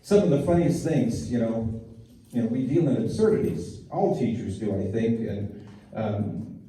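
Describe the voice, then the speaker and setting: A middle-aged man telling rambling, self-deprecating stories with plenty of stops and restarts. His voice is dark and mellow, and it echoes around a big hall from well back from the mic. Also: mid-range voice, animated, unhurried, recorded from a distance, slight background noise. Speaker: preschool teacher telling stories. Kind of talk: stand-up storytelling.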